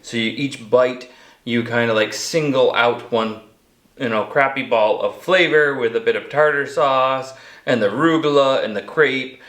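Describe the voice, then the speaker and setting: A man's voice: medium pitch, a little slow, fairly bright tone, reverberant. A man hosting a casual cooking demonstration in a kitchen, joking and poking fun at himself as he rambles through the recipe. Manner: joking, self-mocking, rambling. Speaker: outdoor cooking show host.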